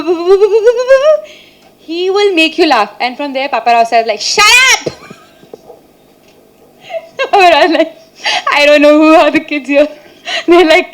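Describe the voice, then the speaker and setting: A woman's voice: a little high, rough recording. A woman actress answering press questions in a chatty, playful way, laughing often and restarting her sentences. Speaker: actress at a film press meet. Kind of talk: casual press-meet answers.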